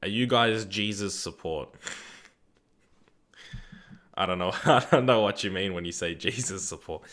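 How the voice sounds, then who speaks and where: Laid-back Australian man, lowish voice. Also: unhurried, fairly bright tone. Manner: laid-back, rambling, swears casually; reads viewer chat aloud and answers it. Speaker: streamer. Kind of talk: live gaming stream chat.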